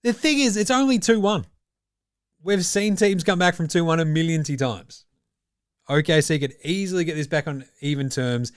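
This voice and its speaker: A man's voice: fairly high pitch, clean tone, dry recording, clean studio sound. A man with an Australian accent hosting a basketball podcast in casual, profane, blokey banter. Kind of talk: casual sports chat.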